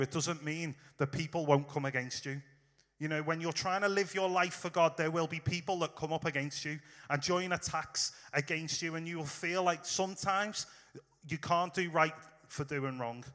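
A man's voice: on the high side, moderate pace, a bit bright, long reverb tail. A man preaching in a casual, storytelling way, talking straight to his listeners. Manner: informal, storytelling, direct address to listeners. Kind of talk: conversational sermon.

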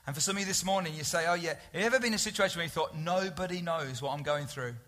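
Male preacher, high and bright, earnest conversational sermon with soft intimate moments. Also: racing. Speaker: pastor.

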